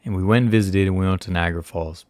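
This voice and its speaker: A man's voice: low-pitched, fairly even intonation, fast, a little mellow, no echo. A man hosting a casual livestream, rambling and joking at himself as he chats with viewers. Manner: rambling, self-mocking, talks to viewers while searching. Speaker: livestream host.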